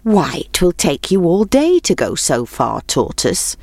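A woman's voice: fairly low pitch, big pitch swings, unhurried, vocal fry, a little mellow, dry recording, exaggerated voice. A woman doing a cocky boastful hare. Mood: mocking. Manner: cocky, mocking. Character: boastful speedy male hare.

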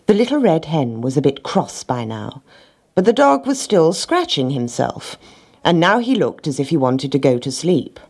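A woman reads a children's storybook aloud in a gentle, expressive way. Her voice is low and husky, and her intonation swings widely as she tells the tale. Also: normal speed. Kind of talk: storybook narration.

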